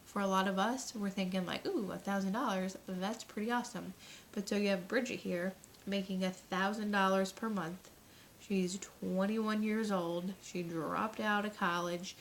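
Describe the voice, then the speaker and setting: A woman's voice: medium pitch, steady tone, a little slow, slight background noise. Chatty woman giving a pep talk. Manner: earnest, chatty, full of fillers. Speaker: network marketing coach. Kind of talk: casual motivational talk.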